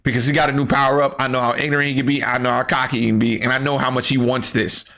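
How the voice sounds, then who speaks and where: A man's voice: mid-range voice, level tone, rapid-fire, pushed and bright. A man voicing a young male cartoon warrior who talks plainly about his cocky father. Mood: knowing. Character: young male half-Saiyan warrior, wary son.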